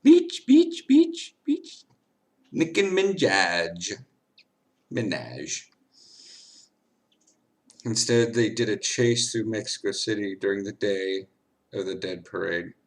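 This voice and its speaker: Slow, rambling tipsy man streaming. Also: fairly low pitch, expressive, fairly bright tone. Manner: rambling, giggly, jokey. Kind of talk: casual chat while gaming.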